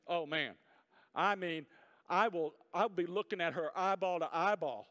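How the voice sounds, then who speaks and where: A man preaching a sermon as pastor, swinging between hushed, quiet passages and loud, emphatic ones, with folksy jokes to the congregation. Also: sits high, a little slow. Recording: reverberant hall.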